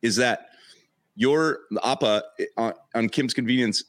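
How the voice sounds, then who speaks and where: A man's voice: medium pitch, unhurried. A man hosting an interview show, chatting casually with enthusiastic, joking asides. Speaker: podcast host.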